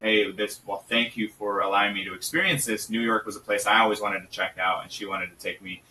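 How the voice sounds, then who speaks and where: A young man talks casually as a podcast guest, with a lowish, bright voice. He sits a little away from the mic, and faint background noise is heard. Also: a little fast, distant mic, poor audio. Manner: relaxed storytelling with fillers. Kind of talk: casual chat.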